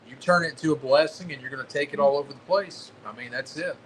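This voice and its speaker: A man's voice: a little high, fast, noisy background. Chatty man with a hillbilly drawl. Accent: Appalachian Kentucky. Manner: chatty, supportive interjections. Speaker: guest. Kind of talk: casual chat.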